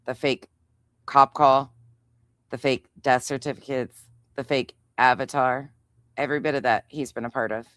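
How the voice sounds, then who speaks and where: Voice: mid-range voice, steady tone, moderate pace, long pauses, fairly bright tone, no echo, clean studio sound. A podcast host giving sarcastic, profane reaction commentary, mocking the clips being played.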